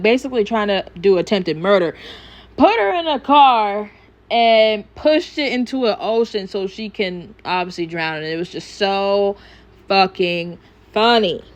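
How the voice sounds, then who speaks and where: A woman casually recapping a cartoon episode, rambling and swearing freely as she chats. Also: medium pitch. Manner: rambling, profane, chatty. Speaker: YouTuber reviewing a cartoon episode.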